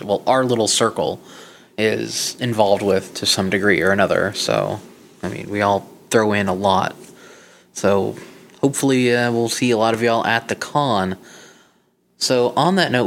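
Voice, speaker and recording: A man's voice: lowish voice, fairly bright tone, a little hiss or hum. A man co-hosting a casual podcast, rambling and joking with plenty of "you know" and "um". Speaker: podcast co-host. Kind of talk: casual chat.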